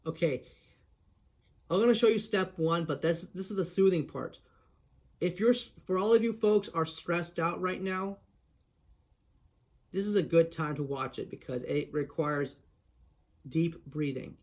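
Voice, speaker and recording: At a measured pace with long pauses, a man with a slightly raised, a little mellow voice explains a voice impression tutorial step by step. He's casual about it and keeps restarting sentences.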